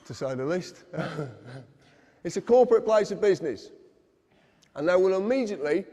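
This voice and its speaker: A man's voice: sits high, warm tone. A man giving an earnest, insistent lecture to a live audience, speaking directly to his listeners. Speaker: public speaker. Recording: long reverb of a hall.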